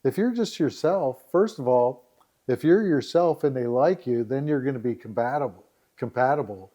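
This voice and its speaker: A man who founded a dating site, talking as a podcast guest, chuckling often and telling stories with lively quoted voices. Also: medium pitch, moderate pace. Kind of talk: casual interview storytelling.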